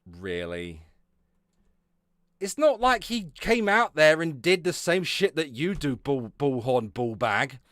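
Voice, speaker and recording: A sarcastic man on a live stream, swearing constantly as he rants. His voice is fairly high and jumps around a lot in pitch, and it sounds dry and close to the mic. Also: big pitch swings, slow pace, fairly bright tone, dry recording. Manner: sarcastic, swears constantly, often laughs and trails off. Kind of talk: profane live-stream commentary.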